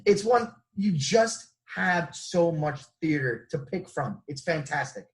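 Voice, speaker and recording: A man co-hosting a podcast, bantering in a casual, profane way. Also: on the high side. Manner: animated, profane, quick to banter. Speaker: podcast co-host. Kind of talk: casual chat.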